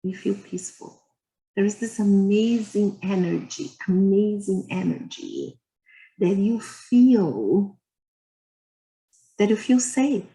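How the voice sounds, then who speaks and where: Slow-spoken, gentle woman giving a lecture. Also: medium pitch, sing-song, rough recording. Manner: earnest, gentle, speaks in short phrases. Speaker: guest speaker at a spiritist society. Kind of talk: religious lecture with personal stories.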